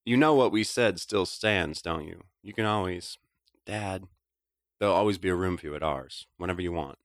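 A man's voice: sits low, normal speed, no echo, studio quality. A man voicing Robin, a weary middle-aged father who speaks lightly and coaxingly to his son.

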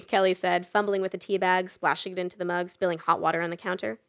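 A woman narrating a novel in a steady, even storytelling manner. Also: lowish voice, fast talker, gravelly, hardly any pauses. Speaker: audiobook narrator. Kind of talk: scripted narration.

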